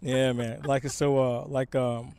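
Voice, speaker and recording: A man's voice: medium pitch, flat delivery, takes it slowly, vocal fry, darkish tone, clear, resonant tone. A man from Louisiana with a Southern accent, chatting loosely as an interview guest, rambling with lots of "uh" and "you know.". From Shreveport, Louisiana. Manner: rambling, filler-heavy, easygoing. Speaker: guest, apparel brand founder. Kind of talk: casual interview chat.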